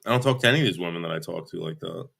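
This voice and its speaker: Guy on a stream arguing back, keeps repeating himself, cusses, bright edgy voice. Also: deep voice, expressive, racing, gravelly, slightly rough. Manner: defensive, repeats himself, swears; restarts sentences often. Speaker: livestream guest. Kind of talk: heated argument on a live stream.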